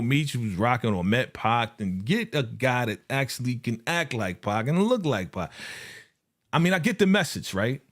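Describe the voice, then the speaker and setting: A man hosting a live review show in casual, slang-filled chat, often laughing and speaking straight to his viewers. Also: mid-range voice. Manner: animated, laughing, slangy, acts out quotes. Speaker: host of a live TV episode review.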